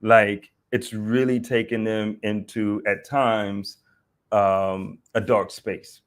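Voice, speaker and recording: A man's voice: on the low side, flat delivery, takes it slowly. A man hosting an online discussion who rambles, restarts his sentences and banters easily with his guests. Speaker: host.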